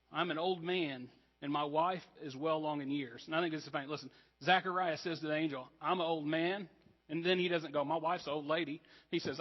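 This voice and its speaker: A man's voice: a little high, long reverb tail, dull audio. A man preaching a sermon as pastor, conversational and earnest, with casual asides to the congregation. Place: church sanctuary.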